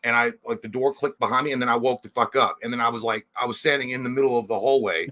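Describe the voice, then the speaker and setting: A man's voice: medium pitch, fairly even intonation, fast talker, pushed and bright. A man co-hosting a casual livestream chat, telling rambling, profane stories. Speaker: co-host.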